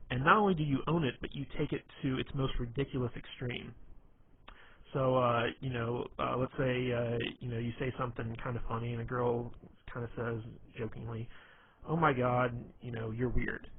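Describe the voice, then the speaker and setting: With a husky, medium-pitched voice, a man rambles through casual dating advice, full of fillers and restarts, in a loose instructional way. The audio is tinny and phone-like, with faint noise behind it.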